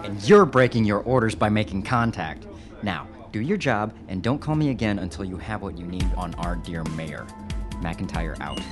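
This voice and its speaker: An actor playing a scheming, ruthless commander who gloats calmly over his plans. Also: on the low side, moderate pace, over music, lightly acted. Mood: cold. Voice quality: smug, gloating.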